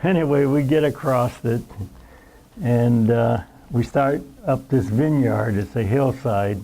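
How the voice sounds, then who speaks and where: A man's voice: mid-range voice, unhurried, dark tone, slight background noise, low-quality recording. Elderly veteran man telling war stories. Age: 90s. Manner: rambling storyteller who acts out the scenes. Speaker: veteran recounting war memories. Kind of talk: spoken war reminiscence at a roundtable.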